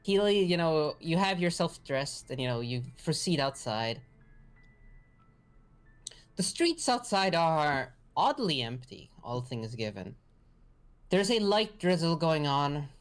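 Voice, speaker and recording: A woman's voice: low-pitched, sing-song, slow, long pauses, soft background music. A woman narrating as game master in a casual, rambling way, laughing and swearing often.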